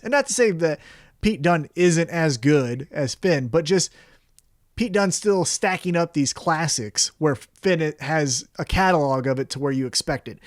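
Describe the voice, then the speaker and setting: A man's voice: on the high side, dry recording, clean studio sound. A man co-hosting a casual wrestling review podcast, swearing freely and acting out quotes in a raised voice. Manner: profane, animated, acts out quotes in raised voice. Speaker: podcast co-host.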